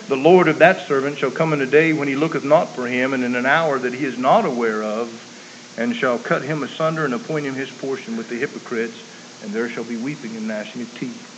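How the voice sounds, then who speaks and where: A man preaching a sermon, emphatic, moving between loud declaiming and quiet earnest appeals. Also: medium pitch, a little fast. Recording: muffled, hissy recording.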